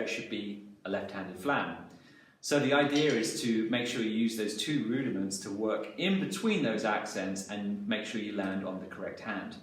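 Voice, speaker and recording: A man's voice: medium pitch, a bit bright. A man teaching a drum lesson, calling out strokes and hands as he goes. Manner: talks through drum patterns, counting hands aloud. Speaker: drum instructor. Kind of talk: instructional lesson. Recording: echoey room, mic far off.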